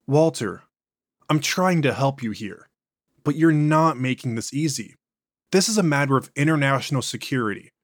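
A man's voice: mid-range voice, expressive, normal speed, dry recording, studio quality, close to an everyday voice. A man voicing a male interrogator who reasons earnestly with his subject. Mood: patient. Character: patient male interrogator losing his nerve.

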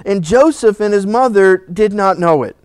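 High-voiced pastor teaching with animated storytelling. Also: male voice, normal speed, clean tone, no room sound. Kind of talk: Bible teaching sermon.

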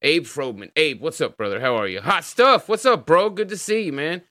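A man's voice: a little high, animated, normal speed, sharp tone, no echo, clean studio sound. A man with an American accent hosting a livestream in casual chat, laid-back and swearing freely as he greets viewers. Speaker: livestream host.

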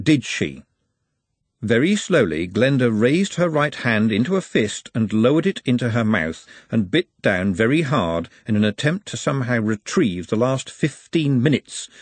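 A man narrating a novel as an audiobook in a wry, expressive way. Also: medium pitch, breathy edge, no room sound. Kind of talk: scripted narration.

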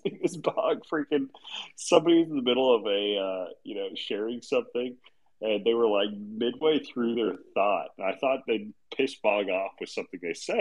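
A man's voice: medium pitch, low-quality recording. A man hosting a casual online group chat, rambling and laughing often as he tells stories. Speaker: host of a live audio chat room.

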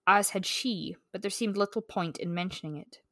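A woman's voice: mid-range voice, moderate pace, bright, forceful tone, dry recording, clean studio sound. A woman co-hosting a book podcast, chatting casually with lots of "like" and "um" and reading romance passages aloud. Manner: chatty, lots of "like" and "um", reads prose smoothly.

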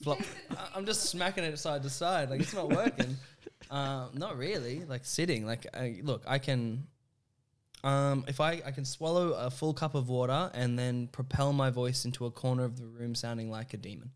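A man's voice: mid-range voice, normal speed. A man, a comedian guest, chatting and joking in a loose, improvised way. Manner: jokey, laughs often, jumps into silly accents.

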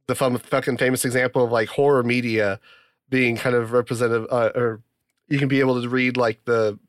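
A man co-hosting a casual podcast, thinking aloud with halting restarts and careful hedges. His voice sits at an ordinary pitch and is recorded dry and close. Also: flat delivery, no room sound. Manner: searching, hedging, halting restarts. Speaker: podcast co-host.

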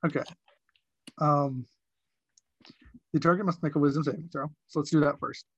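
Man, tabletop game player, hesitant, breathy, dull lo-fi recording. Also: a little high, fairly even intonation, moderate pace, fairly bright tone, dry recording. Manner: hesitant, restarting often. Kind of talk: casual tabletop game play.

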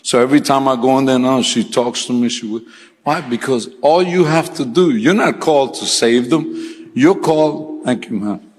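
A male pastor preaching a sermon, telling funny personal stories in a casual way, laughing often and climbing to loud, high-pitched peaks. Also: moderate pace, in a large hall, low-quality recording. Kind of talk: sermon with humorous storytelling. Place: church sanctuary.

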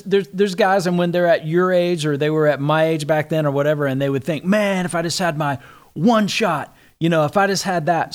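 A man hosting an interview, eagerly asking questions and tripping over repeated words. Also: on the high side. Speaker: interviewer host. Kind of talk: casual interview.

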